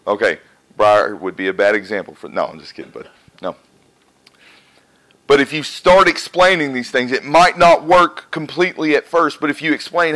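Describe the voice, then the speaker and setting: A man's voice: mid-range voice, animated, moderate pace, fairly bright tone, poor audio. A man preaching a conversational sermon to a live congregation in a church, often asking questions and answering them himself.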